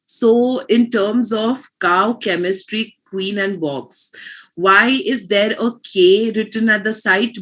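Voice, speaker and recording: A woman's voice: medium pitch, slow, fairly bright tone. A woman teaching pronunciation in an online class, explaining patiently and restarting her phrases.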